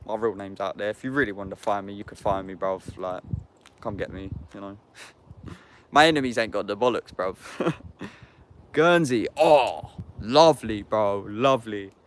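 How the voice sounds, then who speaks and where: A man's voice: on the low side, normal speed, a little hiss or hum. A young man from Epsom, chatting casually to his livestream viewers, slangy and sweary, tagging bruv onto everything. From Epsom, England. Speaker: YouTuber talking to viewers.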